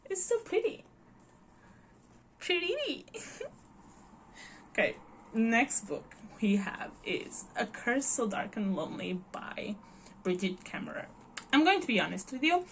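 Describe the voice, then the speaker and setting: A woman's voice: medium pitch, fairly bright tone. Young woman from Portugal, bubbly, giggly, gushing book vlogger, casual chat. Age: early 20s.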